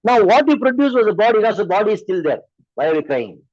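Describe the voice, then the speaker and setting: High-voiced Indian English man preaching. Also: sing-song, fast talker, a little mellow, dry recording, highs cut off. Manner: repeated rhetorical questions. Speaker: spiritual teacher. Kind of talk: sermon.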